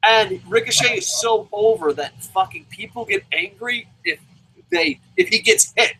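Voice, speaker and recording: Lively bright-voiced man talking wrestling. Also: sits high, moderate pace, breathy edge, low-quality recording. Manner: animated, swearing, talks in bursts. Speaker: wrestling review show host. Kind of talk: casual chat.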